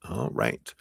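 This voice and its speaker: A man hosting a live tarot stream, chatting casually with viewers and reading cards in a rambling way full of fillers and easy laughter. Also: slight background noise. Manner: chatty and rambling, many "you know" fillers, laughs often. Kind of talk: casual livestream chat and card reading.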